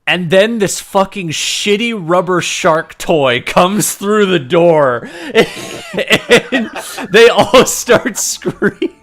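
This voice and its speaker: A man chatting casually while playing a video game, animated, swearing casually and laughing often. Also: high voice, drawn-out words. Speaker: gaming video co-host. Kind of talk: casual chat.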